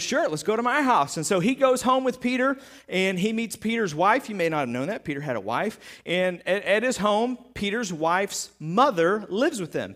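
A man's voice: high voice, a bit bright. A man giving a casual, joking sermon as pastor, acting out stories and quotes with many restarts.

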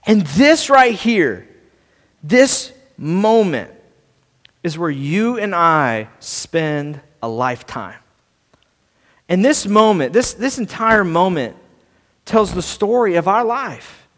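A man preaching a sermon, earnest, restarting and repeating words and swinging between soft and loud. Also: high voice, very animated, takes it slowly, in a large hall. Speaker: pastor.

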